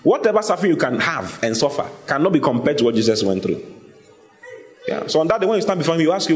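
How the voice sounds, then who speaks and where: A man's voice: fairly high pitch, fast, roomy sound. A man preaching a sermon, telling the story vividly and asking the listeners questions. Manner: animated storytelling, often asks the listeners questions.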